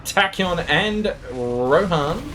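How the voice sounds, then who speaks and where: A man giving relaxed, slangy colour commentary on a live esports match. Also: on the high side, takes it slowly. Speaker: esports co-caster.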